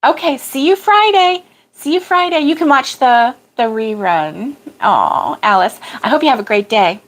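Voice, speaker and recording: A woman's voice: sits high, lively intonation, normal speed. A middle-aged woman hosting a crochet livestream, chatting casually, chuckling and answering viewer comments as she goes. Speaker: crochet channel host.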